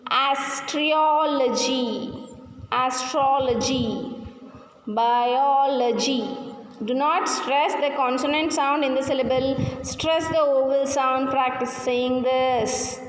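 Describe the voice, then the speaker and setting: High-voiced woman teacher in an echoey hall. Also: steady tone. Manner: repeats words slowly syllable by syllable to drill stress. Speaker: English teacher. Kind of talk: classroom lesson explaining pronunciation and vocabulary. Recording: echoey room with long reverb, faint hum.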